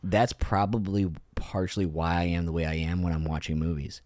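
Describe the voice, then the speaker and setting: A man's voice: low voice, a little fast, no room sound, studio quality. A man in his thirties co-hosting a podcast, telling stories in casual chat, swearing freely and laughing often. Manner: profane, laughs often, animated storytelling. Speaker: podcast co-host.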